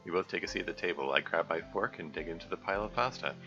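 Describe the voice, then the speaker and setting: A man's voice: deep voice, rapid-fire, pushed and bright, muffled recording, faint music behind. A man reading a visual novel aloud on a live stream, chatty and prone to side comments. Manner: chatty, digressive, self-correcting. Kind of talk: let's-play narration and commentary.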